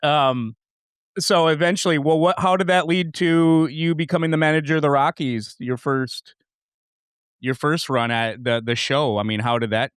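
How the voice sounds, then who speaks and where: Smooth-voiced podcast host asking halting questions. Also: male voice, a little high, no echo, studio quality. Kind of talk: casual interview questions.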